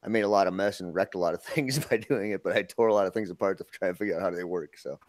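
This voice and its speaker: A man's voice: deep voice, fast talker. Laid-back laughing man in his fifties. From Minnesota. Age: 50s. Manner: laughs often, easygoing. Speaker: guest. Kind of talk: casual live-stream chat.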